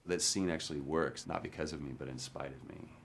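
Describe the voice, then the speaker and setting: Very deep-voiced male actor reminiscing. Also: steady tone, a little fast, vocal fry, noisy background. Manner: frank, drops to a hush at times. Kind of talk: candid interview recollection. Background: music.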